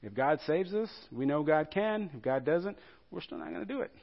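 A preacher speaking as three calm young men firmly refusing a king, in a dull lo-fi recording. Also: on the high side, normal speed, gravelly. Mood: calm, defiant.

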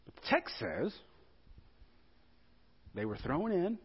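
A man preaching a sermon as pastor, telling the story with animated rhetorical questions to the congregation. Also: sits high, slow, vocal fry, breathy edge, dull audio.

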